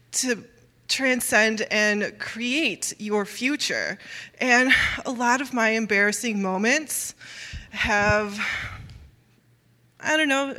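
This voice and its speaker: A woman's voice: on the high side, bright, forceful tone, big-room sound. A woman telling a story on stage for the first time, nervous and joking.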